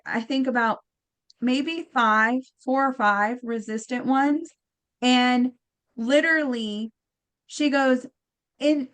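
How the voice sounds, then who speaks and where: Woman guest, high-pitched, animated storyteller who acts out every quote, loose and filler-heavy. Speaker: guest healer. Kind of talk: storytelling in casual chat.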